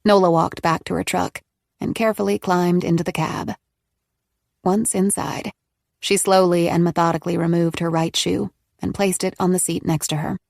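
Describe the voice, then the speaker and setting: A woman narrating a thriller audiobook in a steady, even storytelling manner. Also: lowish voice, moderate pace, creaky, dry recording, studio quality. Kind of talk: scripted narration.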